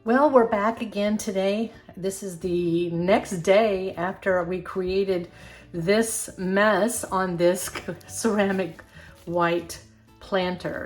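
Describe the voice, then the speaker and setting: An older woman hosting a casual craft tutorial, chatty and encouraging, with a self-deprecating streak. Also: mid-range voice. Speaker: craft channel host.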